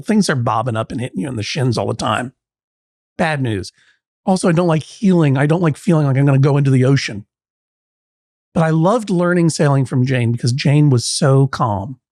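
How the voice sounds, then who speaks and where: Male podcast judge, slightly high voice, dry studio sound, wry rambling banter. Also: a little mellow, no echo. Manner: wry, playful, rambling asides. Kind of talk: comic courtroom banter.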